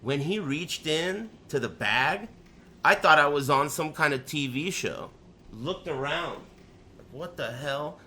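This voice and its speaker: A man tells a story in a loose, profane rant, jumping from loud outbursts to low muttered asides. His voice sits high and swings widely in pitch. The tone is sharp and very bright. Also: expressive, a little slow. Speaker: storyteller on a live stream.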